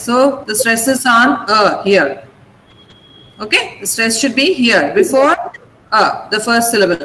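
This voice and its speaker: Firm online English teacher, a woman, over a call with light hiss; drills stress slowly and clearly. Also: on the high side, animated, pushed and bright, rough recording. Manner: slow deliberate syllable-by-syllable pronunciation; firm, instructive. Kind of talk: online class lesson. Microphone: video call.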